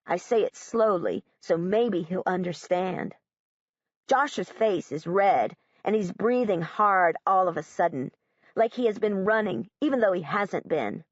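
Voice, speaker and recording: Woman, audiobook narration, first-person girl, matter-of-fact, lively pitch, dull dry recording. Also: no echo. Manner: literal, measured, matter-of-fact.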